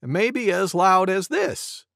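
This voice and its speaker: Man doing a flustered cuckoo bird, high sing-song voice, storybook. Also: lively intonation, takes it slowly, creaky, a bit bright, no echo, studio quality, full character voice. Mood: fussy. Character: fussy male cuckoo bird, easily flustered.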